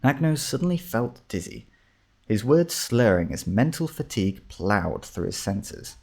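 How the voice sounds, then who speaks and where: Casting: male storybook narrator, lowish and gravelly, steady reading. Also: unhurried.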